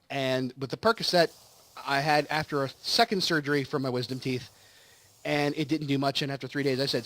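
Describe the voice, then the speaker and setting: A let's play host, a man with a mid-range, fairly bright voice that runs a little fast, chats casually over gameplay. He's recovering from surgery and tells a long, rambling story, acting out quotes as he goes.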